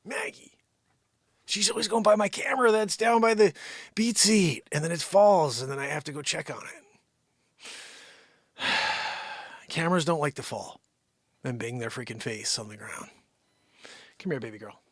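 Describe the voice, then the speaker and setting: A man hosting his own daily live stream from home, rambling and joking, jumping from loud bits to whispered asides. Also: a little high, normal speed, long pauses, no echo, clean studio sound. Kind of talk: unscripted comedic live-stream chat.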